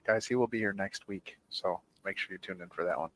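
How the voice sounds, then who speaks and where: Low-voiced man reading viewer comments. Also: brisk, a little hiss or hum, low-quality recording. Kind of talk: casual live chat.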